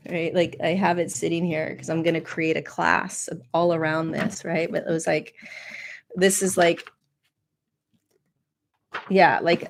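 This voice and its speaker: A woman's voice: lowish voice, gravelly. A woman podcast host telling a personal spiritual story in an earnest, confessional way.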